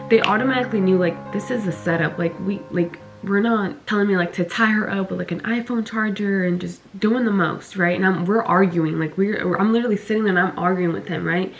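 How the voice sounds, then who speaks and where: A young woman telling her story in a casual vlog, talking fast, swearing and filling with "like" all the way through. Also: medium pitch. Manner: fast, heavy on "like", swears, animated retelling. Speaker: vlogger.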